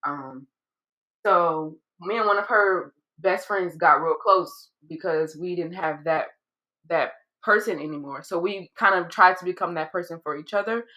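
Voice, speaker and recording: A young woman guest on a podcast with a bright, sharp-edged voice. She speaks candidly in casual chat, often trailing off and going back over her words. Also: fairly low pitch, a little slow, low-quality recording. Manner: candid and hesitant, trails off and repeats herself.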